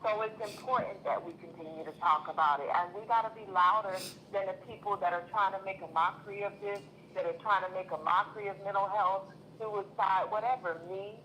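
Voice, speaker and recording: A woman's voice: medium pitch, fairly even intonation, fairly quick, sharp tone, a little hiss or hum, rough recording. A woman calling in to a casual chat show, speaking earnestly and at length in an encouraging way. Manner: long-winded, earnest, encouraging. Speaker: caller.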